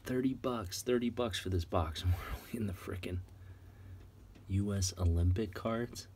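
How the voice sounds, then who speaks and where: A man casually chatting while going through a box of trading cards, excitedly rattling off names. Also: on the low side, moderate pace, slight background noise. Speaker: card collector vlogger. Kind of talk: casual unboxing chat.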